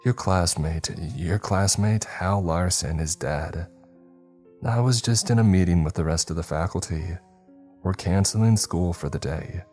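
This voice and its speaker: Figure: a man doing a shaken, grieving teacher. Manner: halting. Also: sits low, darkish tone, faint music behind. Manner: halting, subdued.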